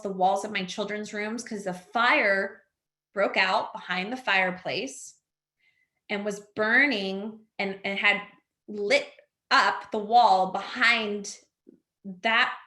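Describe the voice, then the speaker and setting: A woman in her thirties recounts her story on a video call, with lots of "like" and "next thing you know." Her voice is bright and forceful. The room around her sounds echoey. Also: mid-range voice. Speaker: house fire survivor, webinar guest. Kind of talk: personal storytelling on a webinar.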